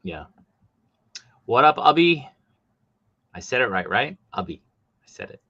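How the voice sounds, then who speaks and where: Animated male livestream host. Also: a little slow, slightly rough, no room sound, dull audio. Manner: animated, voice jumps high when exasperated. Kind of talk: casual livestream chat.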